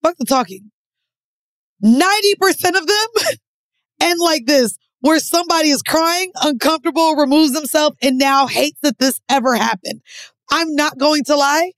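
A woman's voice: sits high, normal speed, no room sound. A woman co-hosting a podcast, chatting in a blunt and emphatic way. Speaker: podcast co-host. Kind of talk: casual chat.

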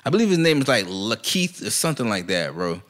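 A man's voice: on the low side, sing-song, fast talker, fairly bright tone. A young man, co-hosting a casual chat, laid-back and laughing often. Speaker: podcast co-host.

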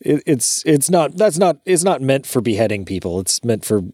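A man with a bouncing, animated voice jokes and swears his way through relaxed banter. The sound is dry and close, with no room around it. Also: mid-range voice, moderate pace, dry recording. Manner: joking, profane banter. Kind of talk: casual chat.

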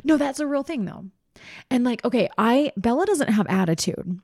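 A woman in her thirties, a mother chatting casually with a friend and telling animated family stories. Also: a little high, normal speed, no echo, clean studio sound. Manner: chatty, animated storytelling with quoted voices and laughs. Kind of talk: casual chat.

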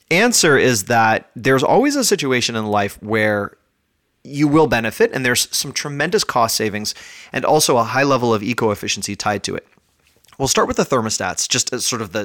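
A man hosting his own podcast from home, talking in a chatty, energetic, self-mocking way while a little out of breath. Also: medium pitch. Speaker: podcast host. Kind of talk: casual podcast monologue.

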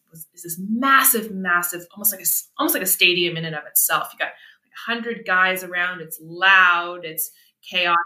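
A woman in her thirties from Canada, a sports medicine doctor telling stories as a podcast guest, animated and quick to laugh. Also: lowish voice. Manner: animated, laughs often, acts out quotes. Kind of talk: casual podcast storytelling. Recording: roomy echo.

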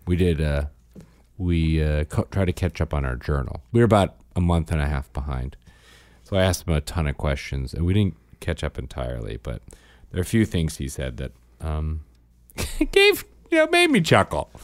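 A man co-hosting a casual chat, telling animated stories and laughing often. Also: a bass voice, normal speed, dry recording, studio quality. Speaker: podcast co-host.

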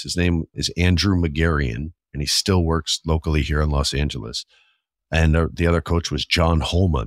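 A man in his forties telling a candid, profane story in a casual podcast, animated when he quotes people. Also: a bass voice, dry recording, studio quality. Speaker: podcast host.

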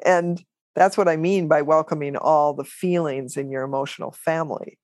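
Guest voice: woman, lowish pitch, animated storyteller who laughs often, dry close sound. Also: moderate pace, no room sound. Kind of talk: casual storytelling interview.

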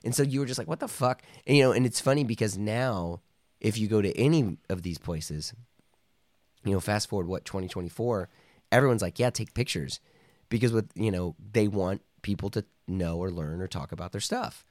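A man with a low, deep voice, talking as a podcast guest in a casual, meandering way, padding his story with fillers and slipping into quoted voices. The sound is close and dry, with no room echo, and he coughs now and then. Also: a little fast, darkish tone. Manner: rambling, full of "like" and "you know", acts out quoted voices.

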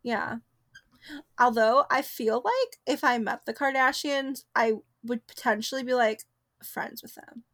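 A young woman co-hosting a podcast in casual chat, chatty and giggly, riffing quickly. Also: fairly high pitch, expressive, a bit bright. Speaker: podcast co-host.

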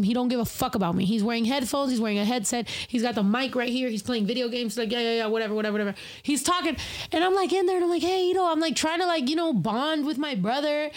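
A young woman in casual podcast chat, telling stories with lots of slang and swearing, laughing often. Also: high voice.

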